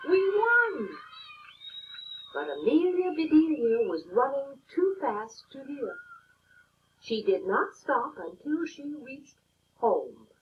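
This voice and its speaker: A woman reading a children's picture book aloud in an expressive, deliberate way. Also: sits high, a little hiss or hum. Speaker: storybook reader. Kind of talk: children's story read aloud. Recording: dull lo-fi read-aloud with faint music.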